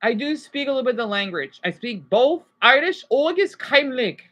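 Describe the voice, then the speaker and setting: A woman from Arizona with an American accent, voice sitting a bit high, rants on a livestream. She rambles, doubles back and keeps punching her points with "okay?". The sound comes from a simple home mic setup. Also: sing-song, moderate pace, fairly bright tone. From Arizona, USA. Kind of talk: ranting livestream monologue. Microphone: basic home setup.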